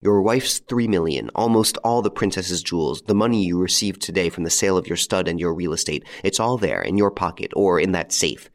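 A man reading the lines of a bold, mocking gentleman thief in an audiobook, with a jaunty, theatrical, taunting manner. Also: sits low, fairly quick, hardly any pauses.

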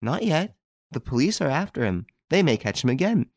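Male reader doing a young heroine, high voice, breathless amazement, storybook reading. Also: very animated, moderate pace, dry recording, clean studio sound. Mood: pleading. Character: young woman, excited and astonished.

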